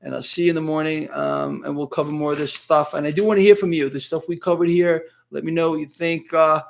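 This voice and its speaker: Gravelly chatty male live streamer. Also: a little high, steady tone, quick pace, slight background noise. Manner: chatty, rambling, reads viewer comments aloud. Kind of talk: casual live chat with viewers.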